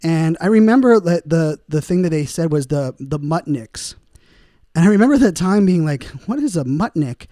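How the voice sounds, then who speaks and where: Man, podcast host, casual rambling monologue, mellow, dry close mic. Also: fairly high pitch, animated, moderate pace, no room sound. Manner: rambling, many fillers, laughs at own puns.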